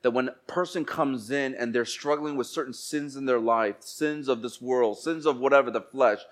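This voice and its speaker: A man of medium pitch preaches a church sermon, sometimes hushed and slow, sometimes bursting out loudly. When he quotes others, he acts out their voices.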